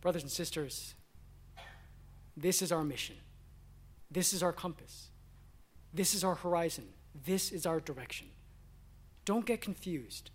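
A pastor preaching a sermon, swinging between emphatic declarations and hushed, quiet asides. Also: male voice, on the high side, a little slow, pauses often, husky.

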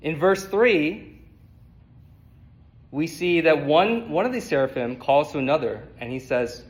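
High-voiced man preaching a measured sermon. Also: lively intonation, low-quality recording. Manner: measured, emphatic, repeats words while thinking. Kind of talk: expository sermon.

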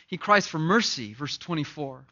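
A man preaching an impassioned sermon that swings between loud emphasis and hushed, grave lines, often repeating words. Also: fairly high pitch, lively intonation, moderate pace. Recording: dull lo-fi recording.

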